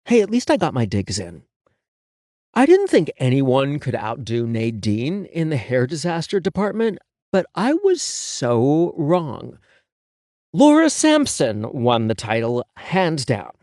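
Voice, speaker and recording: A man's voice: mid-range voice, huge pitch swings, slow, darkish tone, no echo, clean studio sound. A man narrating a first-person audiobook in a sassy, sarcastic and profane manner.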